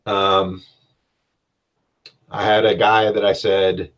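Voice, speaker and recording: A man's voice: low-pitched, little pitch movement, slow pace, long pauses, a bit bright, muffled recording. A man hosting a casual solo podcast as a game master. He rambles in a self-deprecating way and uses many fillers.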